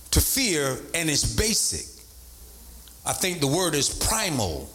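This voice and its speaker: A man preaching a sermon as bishop, repeating points and rising into sing-song emphasis. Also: takes it slowly. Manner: animated, swoops from low to high pitch, sing-song emphasis.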